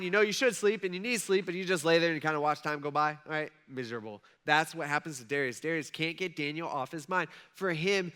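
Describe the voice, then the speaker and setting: A pastor giving a casual, conversational sermon, acting out scripture characters in quoted dialogue. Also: male voice, a little high, bright, forceful tone, smooth. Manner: conversational, acts out the king and Daniel in quoted dialogue.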